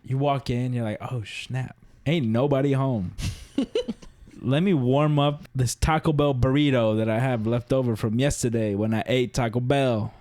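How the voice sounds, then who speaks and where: A man's voice: medium pitch, fairly even intonation, normal speed, darkish tone. A man hosting a podcast, telling a funny story in a slangy way, laughing often and acting out what people said. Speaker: podcast host. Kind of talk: casual storytelling chat.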